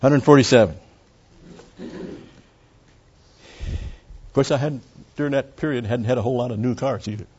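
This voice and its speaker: An older man leading an informal Bible study in a rambling, folksy way, slowing down and raising his voice to read verses aloud. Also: medium pitch, warm tone, breathy edge, muffled recording. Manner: rambling, folksy, with many digressions and "uh" fillers.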